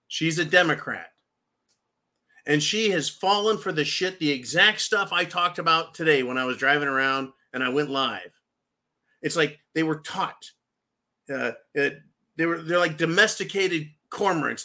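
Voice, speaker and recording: A man with a high, bright voice delivers a profane political rant, swearing freely and turning again and again to his "folks". He speaks as a commentary-show host and sounds vehement throughout.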